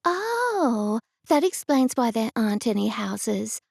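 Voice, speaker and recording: A woman's voice: a little high, big pitch swings, takes it slowly, gravelly, a little mellow, no echo, clean studio sound, full character voice. A woman narrator voicing a dotty, unflappable older aunt who speaks in a vague, cheerful way.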